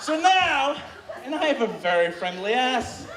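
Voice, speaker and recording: A man telling a bawdy story live on stage to an audience, animated and shouting out quoted moans. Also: very high voice, unhurried. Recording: distant, roomy live recording with crowd noise.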